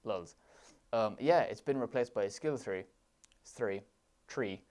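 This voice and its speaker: Enthusiastic Irish man with a smooth voice. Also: medium pitch, animated, normal speed, a little mellow. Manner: enthusiastic, gushing with praise. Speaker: let's play commentator. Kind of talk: gameplay commentary over footage.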